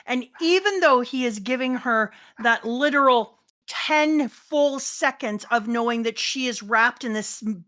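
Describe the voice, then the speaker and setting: A woman's voice: high voice, fairly bright tone. A middle-aged woman co-hosting a casual chat, talking earnestly with wry emphasis. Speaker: co-host.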